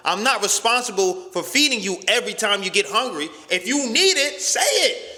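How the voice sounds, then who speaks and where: A young man hosting a talk show, telling a story in a loud, profane rant and acting out the other voices. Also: high voice, sing-song, moderate pace, in a large hall. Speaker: podcast host.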